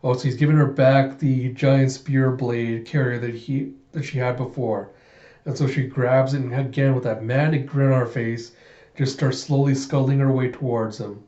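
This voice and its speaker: Brief: man, casual comic readthrough, mellow voice, roomy slightly muffled recording. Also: mid-range voice, moderate pace. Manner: casual, excitable, laughs often. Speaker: comic reader.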